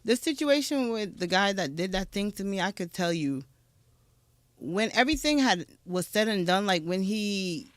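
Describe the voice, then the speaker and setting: A young adult woman speaks as a guest on a podcast, chatting freely and slipping into other people's voices as she tells her stories. Her voice sits at an ordinary middle pitch for a woman. The sound is dry and close, with no room echo. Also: normal speed. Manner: animated storyteller who acts out other people's lines. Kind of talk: casual conversation.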